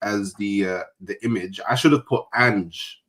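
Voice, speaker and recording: A young man co-hosts a casual football chat in a laid-back, slangy way. His voice sits a little low. He drifts between easy questions and amused asides. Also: measured pace, a bit bright. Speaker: co-host.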